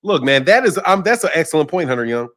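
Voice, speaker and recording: A man's voice: fairly high pitch, sing-song, fast, a bit bright. A man casually talking boxing on a livestream, reading and answering chat comments, often repeating himself. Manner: conversational, repeats himself, addresses chat by name.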